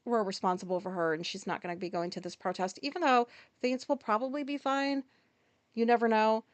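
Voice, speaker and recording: A woman's voice: a little high, steady tone, dry recording. Rambling, swearing woman podcaster. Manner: rambling, profane, with many fillers and quick apologies. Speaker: podcast host. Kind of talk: casual solo podcast monologue.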